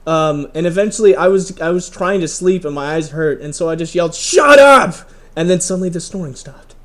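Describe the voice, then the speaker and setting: Lively young man with a raised voice. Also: a little high, fast. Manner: lively storyteller, many "um"s, laughs through stories. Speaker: podcast co-host. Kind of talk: casual chat.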